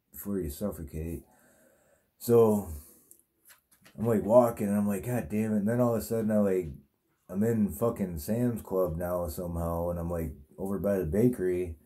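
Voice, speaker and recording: Low, dark-voiced man rambling crudely. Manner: crude, profane, meandering with many fillers. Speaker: vlogger telling a dream. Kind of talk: rambling casual monologue.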